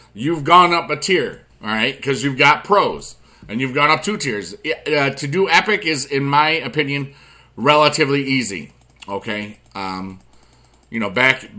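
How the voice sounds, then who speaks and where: Male gaming host, bright tone, chatty rambling commentary with sudden loud bursts. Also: mid-range voice. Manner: rambling, chatty, drifts from quiet asides to loud excited bursts; addresses viewers directly with friendly advice. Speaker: YouTube gaming channel host.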